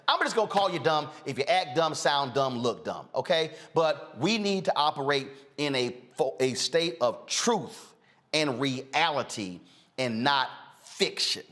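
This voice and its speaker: Casting: outspoken male host, combative rants, mid pitch. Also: unhurried. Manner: blunt, combative, animated rants with filler "uh". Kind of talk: outspoken talk show commentary.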